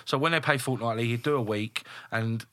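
A man's voice: mid-range voice, fairly quick, a bit bright, no echo. A man in his thirties, a builder and business owner, telling a story bluntly and with lots of swearing. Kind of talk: casual podcast storytelling.

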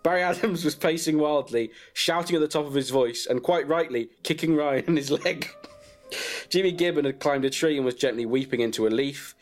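A man reading a crude comic story about himself in a deadpan way and breaking into laughs. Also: fairly high pitch, moderate pace, faint music behind.

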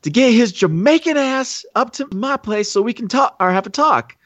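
A man's voice: very high-pitched, animated, normal speed, fairly bright tone, voice pushed up. A man voicing a blunt, menacing male gang boss making threats on the phone. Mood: threatening.

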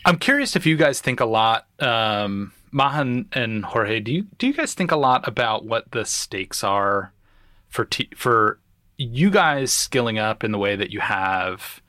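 A man's voice: medium pitch, expressive, a little slow, pushed and bright, no room sound, studio quality. A man hosting an interview, speaking reflectively and asking thoughtful questions. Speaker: host. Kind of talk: interview conversation.

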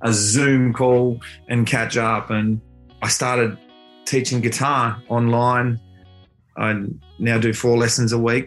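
A middle-aged Australian man telling a heartfelt personal story in an earnest, reflective way. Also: mid-range voice. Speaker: father and guitar teacher.

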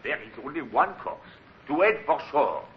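An actor playing a nervous middle-aged French privateer officer with a French accent, pleading and excitable, in a 1950s radio drama. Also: male voice, on the high side, moderate pace. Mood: alarmed. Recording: dull lo-fi old radio recording.

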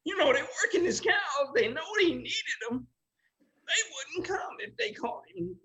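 Older male guest, high bright voice, slow unhurried telling, laughs through his stories. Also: lively intonation. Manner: emotional, laughing while telling. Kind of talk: oral history storytelling.

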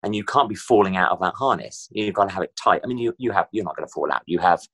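A man's voice: low voice, fast talker, breathy edge. A middle-aged man from Britain, telling stories as an interview guest. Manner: chatty, animated storyteller. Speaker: guest performer. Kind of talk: casual interview chat.

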